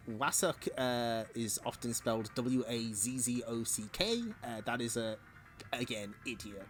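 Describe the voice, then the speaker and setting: A man's voice: medium pitch, fairly even intonation, unhurried, fairly bright tone, soft background music. A man streaming a comic read-along, chatting between panels with giggly, chatty asides.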